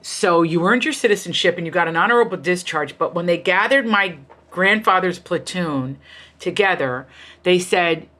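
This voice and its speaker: A middle-aged woman from the United States, an author interviewed as a guest, sounds animated and sharp-toned. Her voice is on the low side and her pace moderate. She tells family stories emphatically and with passion, jumping into the voices of others.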